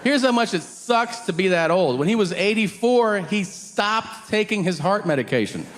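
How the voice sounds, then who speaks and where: A man doing a stand-up set with a deadpan, profane delivery, slipping into quick voices for the people in his stories. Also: sits high. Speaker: stand-up comedian. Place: theater stage before a laughing audience. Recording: long hall reverb, audience noise.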